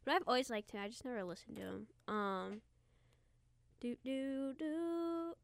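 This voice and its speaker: A woman's voice: mid-range voice, fast talker, creaky, fairly bright tone, dry recording. A young woman co-hosting a casual podcast, chatty and rambling, with plenty of slang. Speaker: podcast co-host. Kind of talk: casual chat.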